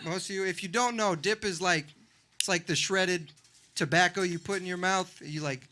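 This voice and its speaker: A young man doing a stand-up comedy set in a club, animated and acting out other people in loud voices. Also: sits high, normal speed. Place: comedy club with a live audience.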